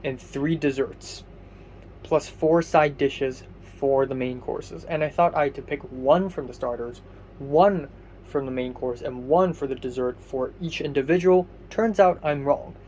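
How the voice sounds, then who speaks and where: A man's voice: medium pitch, measured pace, a little mellow, slight background noise, low-quality recording. A young man narrating his video diary casually, with many fillers and self-corrections. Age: young adult.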